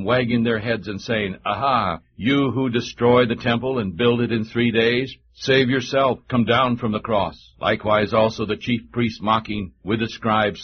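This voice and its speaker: Man reading scripture slow and solemn, lowish voice, dull lo-fi sound. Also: slight background noise. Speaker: scripture reader.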